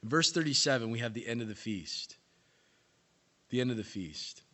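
A man preaching a sermon, telling the story dramatically and swinging between hushed and loud delivery. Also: medium pitch, lively intonation, moderate pace. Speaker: pastor. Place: church in California.

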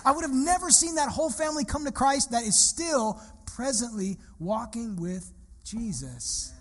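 A male pastor preaching, his voice pitched high and slightly husky. He talks in a relaxed, storytelling way that builds with emphasis and repeats his phrases. The sound carries a long hall reverb, like a sanctuary. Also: normal speed. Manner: animated, conversational, repeats phrases while telling a story. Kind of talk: sermon with personal storytelling.

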